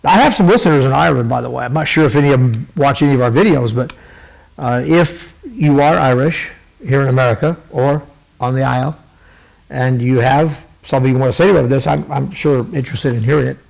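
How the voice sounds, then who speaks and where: Podcast host, male, gravelly, mid-pitched, rambling casual commentary with lots of "uh"s. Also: brisk, a little mellow, low-quality recording. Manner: meandering, many fillers and restarts. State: fighting a cough.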